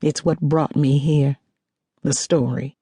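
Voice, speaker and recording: Woman narrator doing a cocky teasing lady scientist, warm husky voice, dry sound. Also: low voice, fairly even intonation, slow, no echo, heavily acted. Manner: dry, teasing, self-assured. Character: confident sharp-witted woman chemist, teasing.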